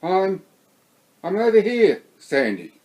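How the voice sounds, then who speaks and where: A man's voice: high-pitched, very animated, slow, a little mellow, pitched above the performer's own voice, full character voice, rough recording. A man with an Australian accent voicing a confused man who stammers and repeats his words. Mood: dazed.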